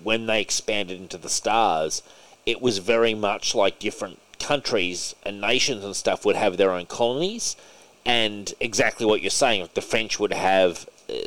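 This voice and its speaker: A man's voice: fairly low pitch, fairly bright tone, poor audio. A man hosting a podcast in casual chat, laid-back and hesitant with frequent ums. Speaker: podcast host.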